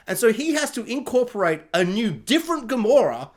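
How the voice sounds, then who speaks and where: A reviewer's voice that swoops up and down as they talk through a film. The delivery is casual and rambling, with plenty of asides. Every so often they slip into a playful mock voice to act out a scene. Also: mid-range voice. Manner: animated, acts out characters in quick mock voices; chatty with many fillers and asides.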